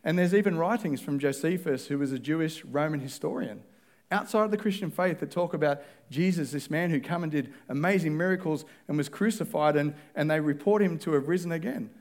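A man's voice: a little high, fairly quick, a little mellow. A man preaching a sermon in a conversational way, acting out both sides of the dialogues he describes.

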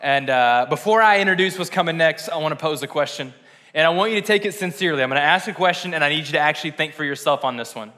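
In a church sanctuary with long hall reverb, a young pastor delivers a casual, conversational sermon. His voice is fairly high, fast, pushed and bright, and he's chatty and self-deprecating, often laughing at himself.

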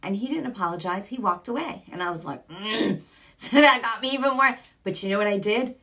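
A woman's voice: medium pitch, brisk, pushed and bright. A middle-aged woman preaching informally on a broadcast, earnest and chatty, with sudden bursts of emphasis. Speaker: Christian broadcaster.

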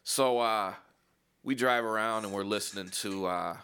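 A man co-hosting a podcast, telling a laid-back story with quick asides and laughs. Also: lowish voice, bright, forceful tone, smooth. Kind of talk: casual storytelling.

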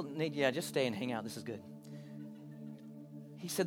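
A pastor preaching a sermon, moving between hushed, intimate moments and loud, animated bursts. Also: male voice, fairly high pitch, brisk, pauses often. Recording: preaching over live keyboard music.

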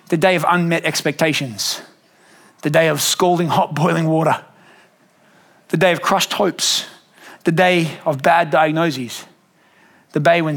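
A man, a pastor telling a lively family story in a sermon and acting out the voices. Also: on the high side. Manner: animated, acts out family voices.

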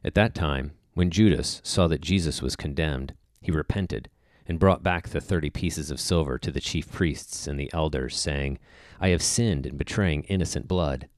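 A man with a very deep voice gives a liturgical scripture reading. He reads in a steady, formal way. The recording is close and dry, with no room sound. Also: moderate pace, no echo. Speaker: scripture reader.

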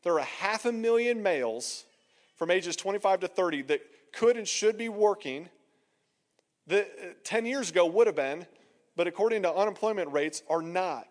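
A man's voice: high voice, animated, normal speed, in a large hall. A man preaching a sermon as pastor in a conversational way, acting out the voices he quotes. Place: church hall.

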